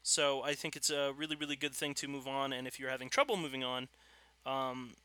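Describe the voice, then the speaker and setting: A man co-hosting a writing podcast who chats casually and makes quick jokes. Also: medium pitch, fairly even intonation, sharp tone, clean tone, dry recording. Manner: quick, joking. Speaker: podcast co-host. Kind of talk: casual chat.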